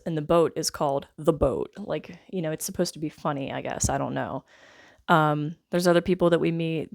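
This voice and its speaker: A woman reviews a film casually and wryly, rambling and peppering her speech with fillers such as "like" and "I guess." Her voice is low, creaky, and slightly mellow.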